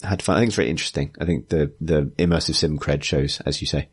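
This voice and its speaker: Deep-voiced British podcast host. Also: male voice, quick pace, slightly rough. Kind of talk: casual chat.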